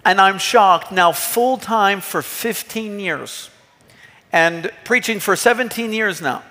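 Male pastor, thirties, bright high voice, earnest emphatic sermon, long church reverb. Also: slow pace. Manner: earnest, emphatic preaching with rhetorical questions. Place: church hall.

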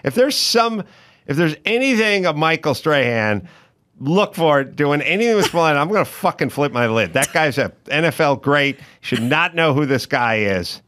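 A man's voice: on the high side, big pitch swings, moderate pace, a bit bright. A man hosting a podcast, rambling in an opinionated and profane way in casual chat. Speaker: podcast host.

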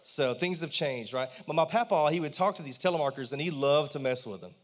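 Animated pastor preaching. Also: male voice, fairly high pitch, quick pace. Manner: conversational and animated, asks the congregation questions. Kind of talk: sermon. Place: church.

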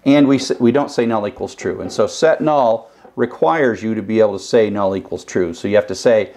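A man's voice: fairly low pitch, normal speed, hardly any pauses, darkish tone. An older man teaching web programming in a recorded lecture. He explains casually and thinks aloud, with restarts. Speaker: programming instructor.

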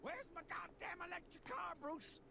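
An unhinged male villain shrieks his mocking fury in a very high, gravelly voice that swings all over the place. The clip is played back from far off with a clear hiss of noise beneath it. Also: animated, normal speed, full character voice. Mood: furious. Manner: wild high shrieks, sneering and rising into yells.

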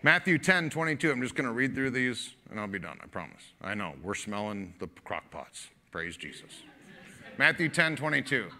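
Bright-voiced joking pastor preaching. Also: male voice, medium pitch, sing-song, normal speed, a little hiss or hum. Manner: folksy, joking, laughs often, acts out quotes. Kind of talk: sermon.

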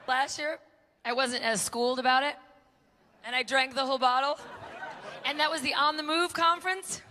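A woman's voice: high-pitched, fairly even intonation, moderate pace, pauses often, pushed and bright. A woman emceeing a conference, joking and poking fun at herself before an audience. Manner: joking, self-mocking. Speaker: event emcee. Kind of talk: stand-up style stage hosting. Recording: live event with crowd and noise.

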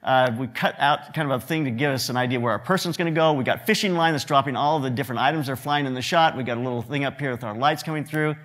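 A man's voice: medium pitch, quick pace, few pauses, a bit bright. A man giving a lecture to students, telling joking anecdotes about his work as a photographer and acting out what people said. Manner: joking storyteller who acts out quotes. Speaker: guest lecturer, photographer and director.

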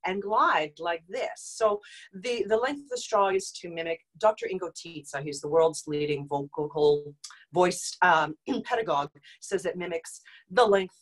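A woman's voice: fairly low pitch, expressive, normal speed, low-quality recording. A woman voice teacher leading an online group vocal exercise lesson, explaining and demonstrating exercises, her voice a little dry. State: slightly dry voice.

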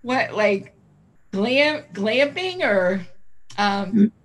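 A middle-aged woman co-hosts a vaping livestream, chatting casually, rambling, laughing often, and getting sidetracked easily. Her medium-pitched voice swings widely in pitch and she speaks very slowly.

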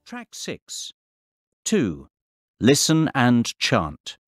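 A man reading the track and exercise announcements for an English course CD, plain and measured. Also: mid-range voice, wildly swooping pitch, loud music behind the voice. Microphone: close studio mic.

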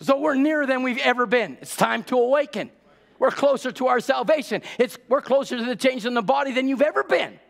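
A male preacher with a notably high voice delivers a sermon with urgency. He drives his points home by repeating key words and asking the congregation rhetorical questions. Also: animated, brisk, gravelly, fairly bright tone. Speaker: pastor.

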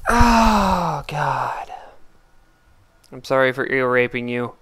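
A man giving casual gameplay commentary, blurting out excited exclamations and complaints at the game as he plays. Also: mid-range voice, clear, resonant tone. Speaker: let's play gamer.

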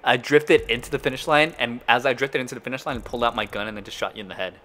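A man hosting a casual gameplay session, excitable and laughing, yelping at crashes. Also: mid-range voice, very fast. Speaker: gameplay host.

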